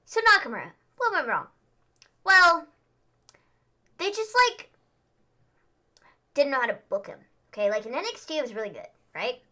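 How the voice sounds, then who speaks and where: A young woman chats her way through a live wrestling watchalong. Her voice is bright and a little edgy, and she keeps dropping "like" into her sentences. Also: sits high, big pitch swings, normal speed, long pauses. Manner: chatty, lots of "like". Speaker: co-host. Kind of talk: casual watchalong chat.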